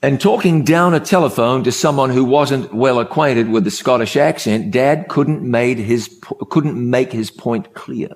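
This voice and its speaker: A man's voice: mid-range voice, unhurried, hardly any pauses. A man preaching a sermon, telling a story in an emphatic way and repeating key phrases for effect.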